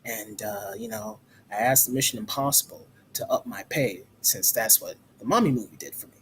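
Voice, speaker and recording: A man's voice: on the low side, normal speed, fairly bright tone, slight background noise, pitched below the performer's own voice, close to an everyday voice. A man doing a lazy movie star impression. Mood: smug, laid-back. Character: lazy, paycheck-chasing male movie star.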